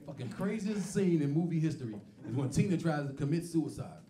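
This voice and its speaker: A man doing a stand-up comedy set, telling stories loudly and profanely and acting out other people's voices, with a laughing audience. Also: fairly high pitch, lively intonation, a little fast, distant mic. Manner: loud profane storytelling, acts out voices. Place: comedy club stage. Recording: echoey club, mic off from speaker, crowd noise.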